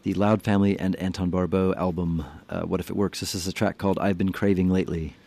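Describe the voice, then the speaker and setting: A man's voice: sits low, flat delivery, fast talker, gravelly, mellow. A man being interviewed as a musician guest on a radio show, talking hesitantly and modestly with many ums and restarts. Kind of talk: casual radio interview chat. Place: radio studio.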